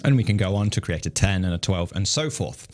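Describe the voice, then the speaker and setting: A man teaching snare drum technique, explaining stickings in a calm, methodical way and counting beats aloud. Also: deep voice, fast talker, over loud music.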